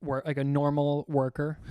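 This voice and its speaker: A man's voice: a little high, monotone, measured pace, dark tone, smooth, no room sound, studio quality. A young man co-hosting a comedy podcast, talking loosely, joking and swearing casually. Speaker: podcast co-host. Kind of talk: casual chat.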